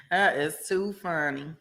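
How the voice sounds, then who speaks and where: A woman hosting a casual livestream, reading viewer comments aloud. She laughs often and chats in a slangy, easygoing way, addressing her viewers as y'all. Her delivery is slow and drawn out, and her voice is bright. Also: on the low side, very animated. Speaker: livestream host.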